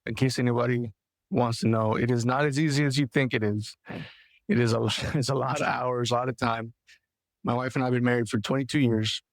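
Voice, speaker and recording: A man's voice: mid-range voice, no room sound. A man hosting an interview podcast, asking thoughtful questions and affirming his guest. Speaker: podcast host.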